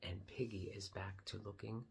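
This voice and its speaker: A man reading a picture book aloud to children, gently explaining what is on each page. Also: on the low side, little pitch movement, normal speed, gravelly, a little hiss or hum. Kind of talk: read-aloud storytime for kids.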